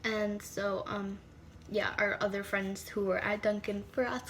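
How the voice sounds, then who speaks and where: Medium-pitched and level in tone, a teen girl speaks a little slowly into her phone, with slight background noise behind her. Her storytime vlog is chatty, crammed with "like," and full of dramatic whispered asides.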